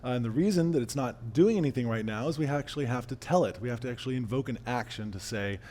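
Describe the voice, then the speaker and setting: A man giving a casual live-coding talk at a meetup, losing his voice and clearing his throat, with fillers and restarts. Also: medium pitch, expressive, fast talker, dark tone. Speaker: meetup presenter. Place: meetup room.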